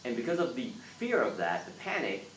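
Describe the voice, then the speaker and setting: A man hosting a live motivational talk, earnest and animated, now and then acting out panicked voices. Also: mid-range voice, fairly quick. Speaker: live stream host. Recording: roomy, from a distance, faint background noise.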